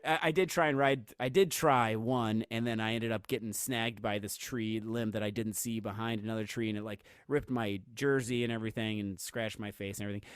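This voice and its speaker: A man's voice: mid-range voice, smooth, dry recording, clean studio sound. A man co-hosting a podcast in casual chat, rambling with lots of fillers and restarts and laughing easily. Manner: laughs easily while telling stories. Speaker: podcast co-host.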